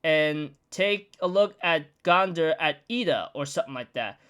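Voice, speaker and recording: A man's voice: a little high, expressive, normal speed, sharp tone, clear, resonant tone. A young man giving a casual, rambling recap of a comic chapter, chatty and full of fillers. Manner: chatty, rambling storytelling with frequent "like". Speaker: manga recap vlogger.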